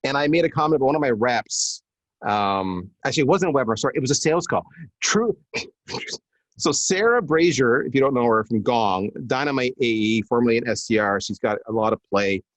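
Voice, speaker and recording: On a dry recording, a middle-aged man with a medium-pitched voice talks a little fast as a live podcast guest. A marketing executive by trade, he tells stories in a lively, conversational way, voicing each quote as a different character.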